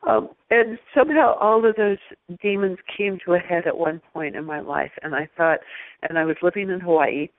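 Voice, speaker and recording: A woman guest telling a personal story in an animated way, laughing often and restarting her sentences. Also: on the low side, normal speed, dry recording. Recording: phone-like lo-fi line.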